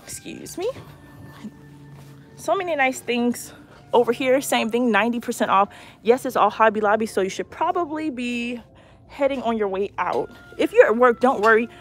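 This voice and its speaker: A woman's voice: on the high side, normal speed, faint music behind. Chatty woman shopping live. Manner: chatty, excitable, talks to viewers. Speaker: shopping vlogger. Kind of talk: live-stream store walkthrough. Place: large retail store indoors.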